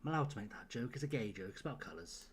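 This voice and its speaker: A young man talks over a live game stream in a voice of middling pitch. He fires off dry, sardonic jokes at his chat, liberally peppered with swearing. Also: lively intonation, very fast, slight background noise. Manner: sardonic, profane joking to chat.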